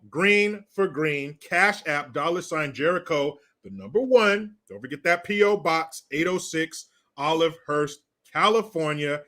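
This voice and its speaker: A man's voice: on the high side, bright, forceful tone. A man hosting a live stream, ranting through political commentary in a crude, sarcastic way and swearing freely. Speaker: livestream host.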